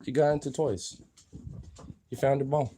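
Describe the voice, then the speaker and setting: A man's voice: mid-range voice, fairly even intonation, moderate pace, warm tone, a little hiss or hum. A man casually vlogging at home, talking in a playful, silly voice to his dogs and laughing often. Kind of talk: casual vlog chat.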